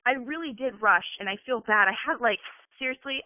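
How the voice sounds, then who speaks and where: A woman's voice: fairly high pitch, no room sound. Woman, earnest coach rallying her team on a phone call; tinny, dry line. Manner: earnest, fast, peppered with "like". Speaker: team coach giving a talk. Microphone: phone on a conference call.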